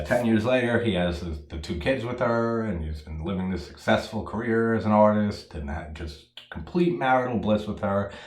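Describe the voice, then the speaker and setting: A man giving a casual solo movie review, profane and animated, laughing at his own jokes. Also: fairly low pitch, reverberant.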